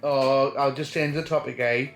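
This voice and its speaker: A man's voice: medium pitch, fairly even intonation, normal speed, soft background music. A man chatting casually on his vlog, talkative and insistent. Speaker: vlogger. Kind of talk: casual chat.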